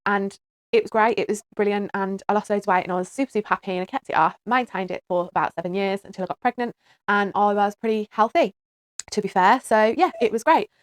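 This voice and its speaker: A woman's voice: mid-range voice, fast talker, no echo. A woman in her thirties, a mother of four, chatting to camera in a playful, self-mocking way. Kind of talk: casual chat to camera.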